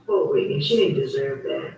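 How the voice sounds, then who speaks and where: A woman's voice: extremely low pitch, expressive, normal speed, a little mellow, a little hiss or hum. Woman ranting on her livestream show, heated and repeating herself, sounds far off the mic w/ a roomy echo. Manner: emphatic, repetitive, heated storytelling. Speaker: host of her own online talk show. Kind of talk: casual livestream monologue.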